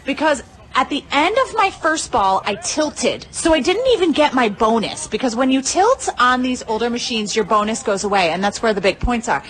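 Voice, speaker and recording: A woman gushing excitedly through a story of her own win, swearing freely and full of "like" and "you know.". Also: a little high, normal speed. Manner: uses many fillers like "like" and "you know". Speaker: pinball player telling a tournament story. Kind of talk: casual storytelling monologue.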